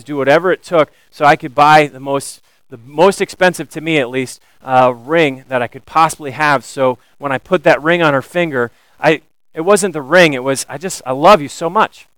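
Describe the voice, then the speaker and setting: A man preaching a sermon, animated and building to emphatic questions. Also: fairly high pitch, normal speed, smooth, no room sound, poor audio. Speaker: pastor.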